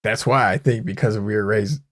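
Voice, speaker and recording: A young man co-hosting a casual podcast, swearing freely and laughing through lively retellings. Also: on the low side, moderate pace, dry recording, clean studio sound. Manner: profane, laughs a lot, animated retellings. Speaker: podcast co-host. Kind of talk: casual banter.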